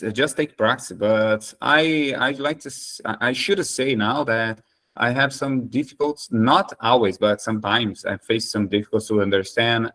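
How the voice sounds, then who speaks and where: A man leading a casual English practice conversation, speaking haltingly with many fillers, Portuguese his first language. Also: mid-range voice, fairly bright tone. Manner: hesitant, many fillers and restarts. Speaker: conversation host.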